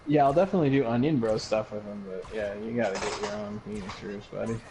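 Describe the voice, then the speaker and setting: A man's voice: lowish voice, quick pace, a little mellow, a little hiss or hum, low-quality recording. A young man chatting casually with a friend, laid-back and agreeable, swearing now and then. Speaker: friend and co-host. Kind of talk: casual chat.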